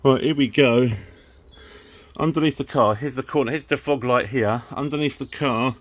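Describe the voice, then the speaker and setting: A man's voice: medium pitch, normal speed. Chatty man fixing his car. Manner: chatty, frustrated, swears and laughs at himself. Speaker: car modding vlogger. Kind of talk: casual DIY car vlog. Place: garage, working under a car. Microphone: camera close to his face under the car.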